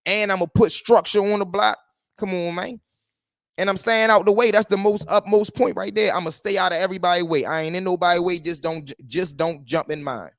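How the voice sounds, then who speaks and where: A man hosts a livestream, telling street stories and commenting in a lively, repetitive street-talk manner. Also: sits high, a little fast, no room sound, clean studio sound. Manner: animated street talk, repeating phrases. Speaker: host.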